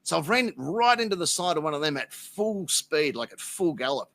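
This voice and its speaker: Bright-voiced Australian man telling stories. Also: on the high side, moderate pace, creaky, no room sound. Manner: animated, profane anecdote-telling. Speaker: podcast guest. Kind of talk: casual storytelling.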